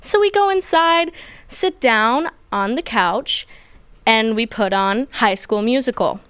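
Young woman, storyteller, animated and playful, high smooth voice, dry sound. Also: slow, no room sound. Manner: animated, playful, acts out quotes. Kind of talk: personal story told to a group.

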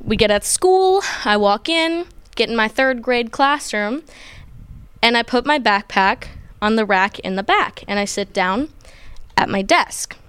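A young woman telling a personal childhood story in an animated, playful way, acting out what people said. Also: a little high, measured pace, clear, resonant tone, no echo. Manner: animated, playful, acts out quotes. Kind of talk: personal story told to a group.

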